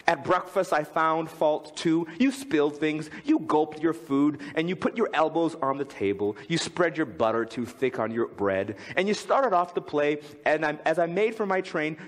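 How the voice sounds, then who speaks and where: A man preaching a sermon as pastor, telling a family story and reading a poem aloud with big swings in tone. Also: in a large hall. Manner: lively, swings from high to low when reading aloud. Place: church.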